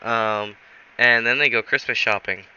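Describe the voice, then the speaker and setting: Man improvising a story, slow, rambling, bright tone, dull lo-fi recording. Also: mid-range voice, steady tone, clear, resonant tone. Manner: rambling, halting, many fillers.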